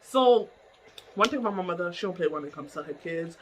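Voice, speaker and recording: A woman telling a story in a casual vlog from her bedroom. She is animated, laughs often and swears freely. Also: on the low side, fairly quick, low-quality recording.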